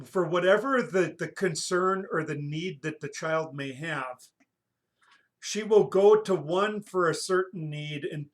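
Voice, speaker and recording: A man speaking thoughtfully in a casual podcast discussion, often stopping and restarting his sentences. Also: fairly high pitch. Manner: thoughtful, halting, many restarts.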